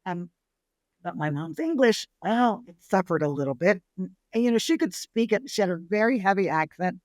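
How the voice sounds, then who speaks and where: A middle-aged woman from San Antonio, Texas, a restaurateur telling her family's history in a relaxed interview, lively and acting out the people she quotes. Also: mid-range voice, moderate pace, dry recording. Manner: lively storyteller who acts out family quotes. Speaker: restaurateur guest. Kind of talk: casual storytelling interview.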